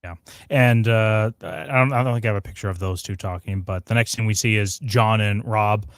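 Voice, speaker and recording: A man with a lowish voice chats casually about a show, sarcastic and mocking. He sounds close and dry on a livestream mic. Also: steady tone, moderate pace, clean tone, no room sound. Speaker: podcast co-host. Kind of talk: casual review chat.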